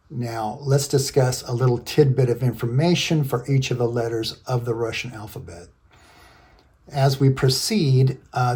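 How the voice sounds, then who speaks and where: Wordy man with a husky, dark voice. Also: mid-range voice. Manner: formal, wordy detective-themed delivery. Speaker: language-learning channel host. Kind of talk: scripted voice-over lesson.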